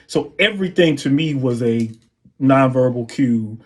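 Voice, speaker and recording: A man, a drummer and guest on an interview show, telling anecdotes in a relaxed way and scatting drum patterns. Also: medium pitch, measured pace. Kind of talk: interview storytelling.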